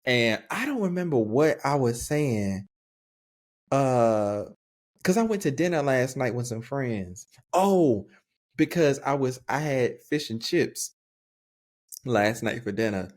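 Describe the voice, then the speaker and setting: A young adult man co-hosting a podcast in casual, slangy chat. He laughs often and talks with an easygoing, animated manner. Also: mid-range voice, takes it slowly. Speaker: podcast co-host.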